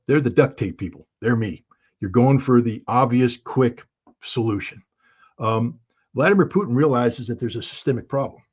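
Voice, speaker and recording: A man's voice: mid-range voice, a little mellow, slightly rough, lo-fi sound. A man giving casual spoken analysis, emphatic and folksy, making his points with everyday analogies. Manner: folksy, emphatic, uses analogies and acted quotes. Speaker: commentator.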